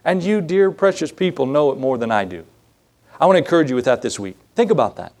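A man's voice: a little high, expressive, fast talker, a little mellow. A male pastor giving a sermon, telling folksy personal stories in an earnest, conversational way, likely in a church sanctuary.

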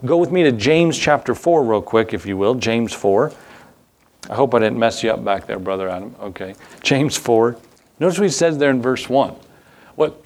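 Male preacher at mid pitch, sermon delivery, asks the room questions, lifts his voice on key words. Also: normal speed, a little mellow. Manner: preaches with rising emphasis, asks the congregation questions. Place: church.

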